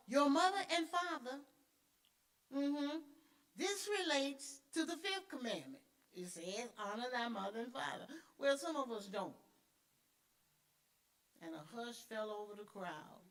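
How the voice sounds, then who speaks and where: Woman Sunday school teacher, middle-aged, fairly high voice, emphatic and chatty. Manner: emphatic, repeats key words; conversational with call-and-response fillers. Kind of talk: church teaching.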